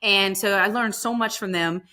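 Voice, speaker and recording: A woman who is a barbecue pitmaster, telling stories in a casual, lively way in a podcast interview and acting out the voices of others. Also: medium pitch, moderate pace. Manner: lively storyteller, acts out quoted voices; casual, fillers like "like" and "you know".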